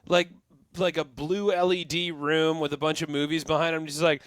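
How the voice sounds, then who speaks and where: A man voicing a bright, sarcastic bird puppet. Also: on the high side, level tone, normal speed, dry recording, lightly acted. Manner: sarcastic, mimics people mid-story. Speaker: puppet co-host. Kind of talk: comedic podcast chat.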